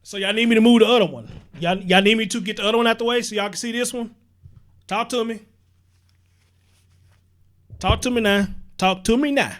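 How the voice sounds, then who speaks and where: A man's voice: sits high, brisk, pauses often. A man hosting a casual livestream, chatting straight to his viewers and greeting them by name. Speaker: livestream host.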